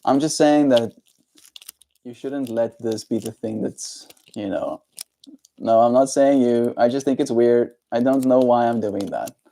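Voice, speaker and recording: Gentle, encouraging man streaming live. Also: medium pitch, unhurried, gravelly. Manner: gentle, encouraging, talks straight to viewers. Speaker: livestreamer. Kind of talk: casual livestream chat reading viewer comments.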